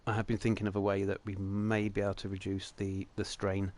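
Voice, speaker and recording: A man's voice: on the low side, completely flat delivery, fairly quick, darkish tone. A young man hosting a game livestream, talking through it in a chatty, jokey, rambling way. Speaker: livestream host. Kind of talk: casual game commentary.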